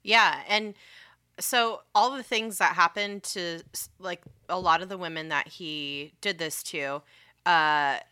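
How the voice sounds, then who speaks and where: A woman's voice: fairly low pitch, takes it slowly, bright, forceful tone, smooth. A woman co-hosting a casual true-crime podcast, recounting facts and swearing freely. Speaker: podcast co-host.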